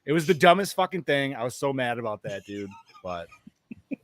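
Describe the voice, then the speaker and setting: A man's voice: medium pitch, sing-song, a little fast, no echo. A man co-hosting a podcast in loose, swearing casual chat. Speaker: podcast co-host.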